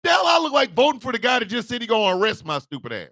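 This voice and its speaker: A man ranting comedically as a show host, loud and animated with shouted bursts. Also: very high voice, very fast, dry recording, clean studio sound. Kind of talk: comic rant.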